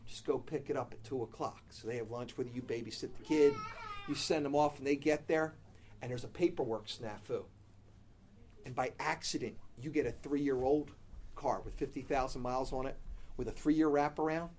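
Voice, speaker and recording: A middle-aged man preaching a sermon, telling a story with bursts of loud animation and soft, low-key emphasis on his main points. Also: moderate pace.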